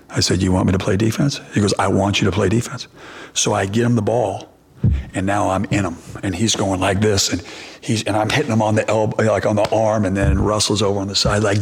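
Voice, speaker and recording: A man's voice: lowish voice, flat delivery, a little fast, husky. A middle-aged man, a basketball coach, answering press questions and telling a long story with many restarts and fillers.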